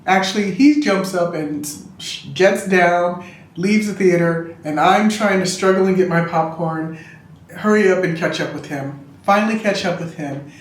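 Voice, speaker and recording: A woman's voice: lowish voice, measured pace. A woman reviewing a fragrance in casual chat, a gushing and chatty storyteller talking from a room at home. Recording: roomy room echo.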